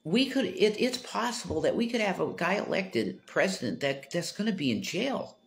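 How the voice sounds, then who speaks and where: A man's voice: sits high, sing-song, moderate pace, vocal fry. Rambling man ranting about politics. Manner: rambling, self-interrupting, swings from mumbling to loud exasperation. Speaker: political commentator. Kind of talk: casual rambling monologue.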